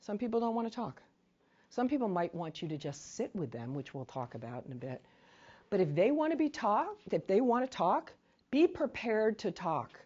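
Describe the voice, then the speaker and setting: A woman's voice: mid-range voice, big pitch swings, normal speed, a little mellow, slightly rough, lo-fi sound. A woman trainer leading a workshop in a conversational way, often checking in with "right?" and acting out sample phrases. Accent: New England. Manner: acts out short sample phrases to victims. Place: training room.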